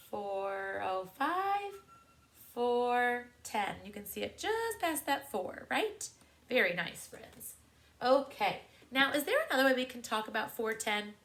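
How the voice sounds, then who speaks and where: A woman's voice: medium pitch, bright, forceful tone. A woman teaching young children to read clocks, with encouraging, sing-song questions. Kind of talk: classroom lesson to young students.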